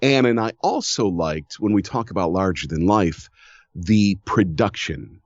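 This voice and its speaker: A man's voice: deep voice, unhurried, no echo, muffled recording. A man in his fifties from Ohio, a voiceover artist chatting as an interview guest, telling stories animatedly and laughing often. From Cleveland, Ohio. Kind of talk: casual interview chat.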